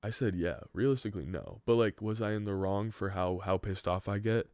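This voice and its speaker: Deep-voiced young man telling a profane story. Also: a little fast, darkish tone, dry recording, clean studio sound. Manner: rambling, profane, heavy use of "like". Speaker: podcast host. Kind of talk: casual storytelling chat.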